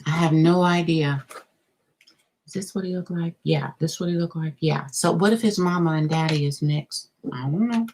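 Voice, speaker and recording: Low-voiced woman doing a tarot reading. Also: moderate pace, slight background noise, rough recording. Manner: expressive, gasps and laughs as cards turn up; talks straight to the viewer, thinking aloud. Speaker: tarot reader. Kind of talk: live-streamed tarot reading.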